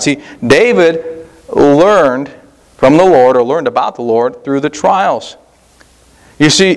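A man preaching a sermon in an earnest, repetitive cadence with measured pauses. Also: mid-range voice. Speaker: pastor.

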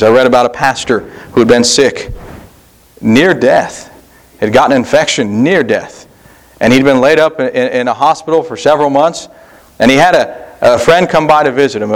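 A man preaching a sermon in an earnest, repetitive cadence with measured pauses. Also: medium pitch. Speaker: pastor.

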